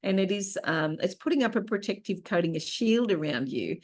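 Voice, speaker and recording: A woman's voice: mid-range voice, lively intonation, fairly quick. A middle-aged woman hosting an online workshop, teaching in a conversational way and telling personal stories. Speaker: workshop host and therapist.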